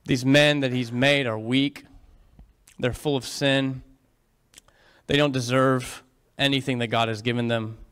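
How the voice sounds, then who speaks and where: Man doing a proud fallen angel: low, hushed and sneering; sermon retelling. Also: steady tone, unhurried, long pauses, clean tone, lightly acted. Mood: scornful.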